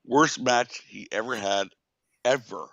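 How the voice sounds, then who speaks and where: Gravelly man telling old stories. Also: medium pitch, unhurried, dry recording, muffled recording. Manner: animated storyteller, swears. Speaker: guest, wrestling promoter.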